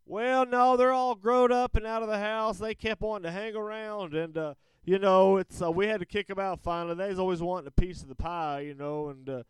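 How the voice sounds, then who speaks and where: A man's voice: high voice, fairly even intonation, brisk, few pauses, smooth, no room sound, lightly acted. A man doing a crude boastful rich caller with a put-on Southern drawl. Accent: fake Southern American drawl. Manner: folksy rambling, crude, boastful. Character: brash rich man caller, going through divorce. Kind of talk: comedic prank call-in sketch.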